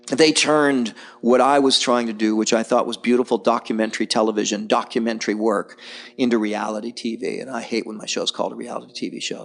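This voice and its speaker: A middle-aged man speaking as a podcast guest, blunt and animated, telling stories and mocking others in put-on voices. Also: mid-range voice, vocal fry. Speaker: podcast guest, survival filmmaker. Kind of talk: candid conversational interview.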